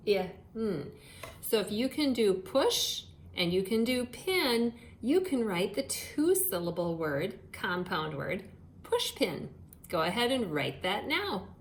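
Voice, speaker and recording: A woman teaching a phonics lesson to young children, sounding out words in a slow, sing-song way. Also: mid-range voice, slight background noise. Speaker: elementary school teacher. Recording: echoey room.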